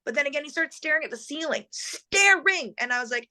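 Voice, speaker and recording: A woman guest telling a personal story in a lively way, acting out the voices of the people she quotes. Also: sits high, a little fast. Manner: animated, acts out quoted voices.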